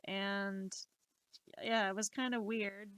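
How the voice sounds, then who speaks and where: A woman in her late twenties telling stories on a live stream, animated and exasperated, swearing freely. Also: mid-range voice, takes it slowly, clean tone, no echo. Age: 20s. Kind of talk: casual storytelling.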